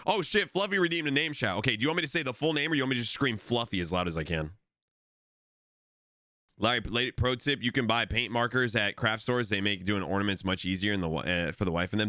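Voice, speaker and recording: A man's voice: medium pitch, bright, forceful tone, no room sound, studio quality. A young man live-streaming, chatting casually and rambling with lots of swearing while reading out his chat. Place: home streaming setup. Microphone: desk microphone.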